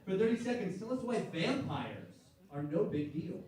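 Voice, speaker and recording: A man hosting a live comedy game show, hyping the crowd loudly and running the contestants through each round. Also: sits high, sing-song, moderate pace. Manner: loud, hyped crowd-working. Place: comedy club stage. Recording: echoey club room, far mic, crowd. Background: audience laughing and cheering.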